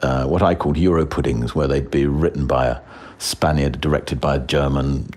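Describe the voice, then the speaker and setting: A man's voice: rumbling low, steady tone, moderate pace, a little mellow. A man in his sixties, an actor talking as a guest in a casual interview, self-deprecating with frequent chuckles and restarts.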